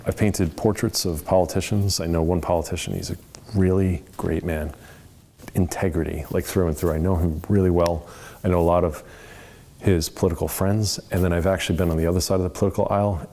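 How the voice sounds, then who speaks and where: Man, very low voice, Bible study leader, earnest, casual, rambling asides. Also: steady tone, brisk, creaky, warm tone, a little hiss or hum. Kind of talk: casual teaching. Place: church.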